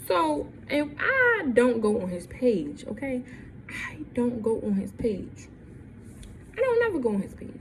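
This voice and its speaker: Animated young woman telling a storytime. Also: a little high, a little slow, a little hiss or hum. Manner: animated, repeats lines, acts out quotes. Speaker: vlogger. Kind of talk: storytime vlog.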